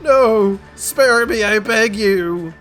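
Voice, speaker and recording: A man voicing a terrified captive who pleads in a shrill, shouting voice. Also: drawn-out words, faint music behind, exaggerated voice.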